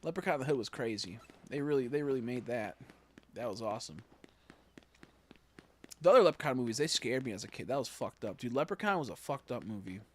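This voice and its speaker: A young man casually chatting on a game livestream, rambling and joking, jumping from loud bursts to low mutters. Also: lively intonation, fast, long pauses. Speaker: streamer. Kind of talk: casual livestream chat while gaming.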